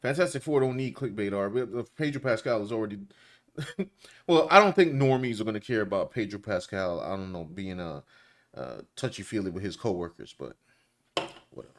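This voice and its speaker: A man's voice: fairly low pitch, animated, normal speed. A man co-hosting a casual commentary chat, talking loosely and colloquially with lots of restarts. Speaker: co-host.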